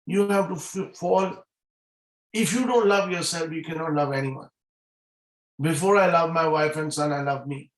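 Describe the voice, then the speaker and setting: A middle-aged man delivers a motivational talk over a video call. His voice sits a little high and he hammers home points by repeating key phrases. The sound is echoey, as from a bare room. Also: moderate pace. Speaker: guest speaker at a business meeting.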